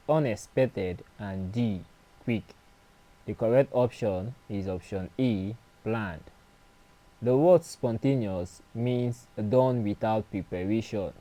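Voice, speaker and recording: Deliberate man explaining exam questions. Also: fairly low pitch, dark tone, poor audio. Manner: deliberate, repeats each question and stresses key words. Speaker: exam prep teacher.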